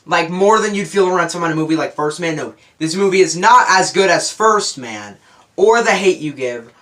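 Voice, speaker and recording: A man's voice: high-pitched, expressive, normal speed, a bit bright. A young man giving a casual, unscripted movie review, rambling and correcting himself as he goes. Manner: rambling, self-correcting, enthusiastic.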